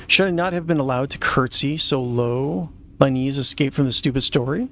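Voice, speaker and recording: A man's voice: medium pitch, moderate pace, pushed and bright, a little hiss or hum. A man reading a haughty young noble villainess aloud in a game, in a dry, sardonic way. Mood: indignant.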